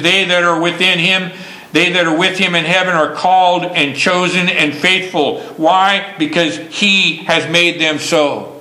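A man preaching a sermon slowly and emphatically, stressing key words. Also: a little high, bright, forceful tone, roomy sound, low-quality recording.

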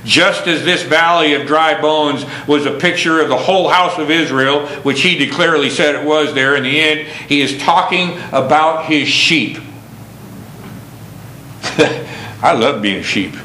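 A man preaching a sermon, earnest, swinging from emphatic questions down to low, slow passages. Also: pushed and bright, reverberant, rough recording.

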